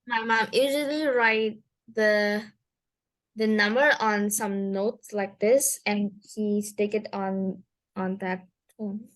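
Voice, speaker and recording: A woman's voice: medium pitch, fairly even intonation, slow pace. A woman learning English in a one-on-one lesson, speaking hesitantly with non-native phrasing and restarts. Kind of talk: language lesson, reading aloud.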